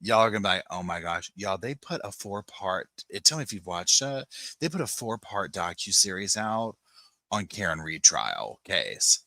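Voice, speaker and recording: A man with a low voice and a bright, forward tone chats through a casual live stream, greeting viewers by name and wandering from topic to topic. His talk is loose and rambling, full of "like" fillers, and the recording is dry and close. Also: very animated, moderate pace, vocal fry, no room sound. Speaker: podcast host. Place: home, on a sofa with dogs nearby.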